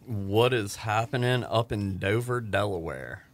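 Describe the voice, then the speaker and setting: A man's voice: fairly low pitch, lively intonation, unhurried. A man co-hosting a radio show, chatting in a laid-back, joking manner in a studio. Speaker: radio co-host, financial analyst. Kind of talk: casual on-air banter.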